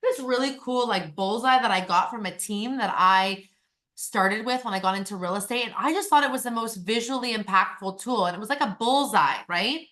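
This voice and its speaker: A bright, forceful-sounding woman chats as a guest on a call-in podcast. She talks in an animated, casual way, piling on fillers as she explains her work in real estate. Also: medium pitch, normal speed. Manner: chatty and animated, filler-heavy. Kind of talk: casual interview chat.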